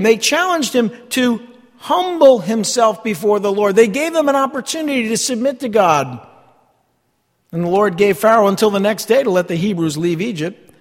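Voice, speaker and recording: A man's voice: high voice, in a large hall. A man preaching a sermon as a pastor, talking conversationally and asking the congregation rhetorical questions.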